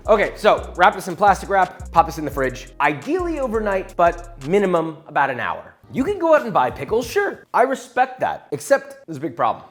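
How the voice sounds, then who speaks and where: A man walks viewers through a recipe as a cooking-video host. His pitch swings widely from phrase to phrase, animated and expressive. He sounds confident and opinionated, with playful asides. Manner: playful, jokey asides while instructing. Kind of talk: recipe tutorial talk.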